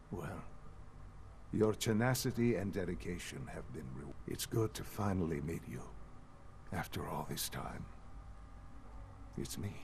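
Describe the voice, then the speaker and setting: Father, calm older leader. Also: low voice, noisy background. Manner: measured, composed, lecturing. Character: calm aging male leader of a secret science group. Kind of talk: video game dialogue. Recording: game audio with faint music underneath.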